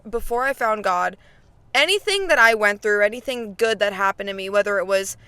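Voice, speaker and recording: This faith vlogger in her twenties has a fairly high, slightly bright, smooth voice, recorded with no echo. Her talk is a casual, filler-heavy chat aimed straight at her viewers.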